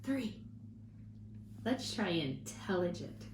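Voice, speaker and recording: Slow, animated woman teaching kids. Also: fairly low pitch. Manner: slow, encouraging, drawn-out word modeling. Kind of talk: phonics lesson for young children. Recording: echoey room with faint hiss.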